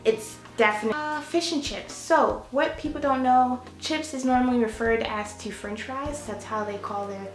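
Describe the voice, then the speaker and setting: A woman's voice: fairly high pitch, moderate pace, hardly any pauses, reverberant, soft background music. A young woman hosting a casual vlog, chatty and playful, talking straight to her viewers with little asides. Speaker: vlogger host. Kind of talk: casual direct-to-camera vlog.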